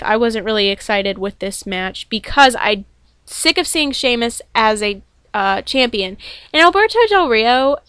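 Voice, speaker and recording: A woman's voice: fairly high pitch, bright, forceful tone, clear, resonant tone, dry recording. A young woman rambling casually about a show she watched, gushing and full of ums and restarts. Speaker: wrestling fan reviewing a show. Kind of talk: casual opinion vlog.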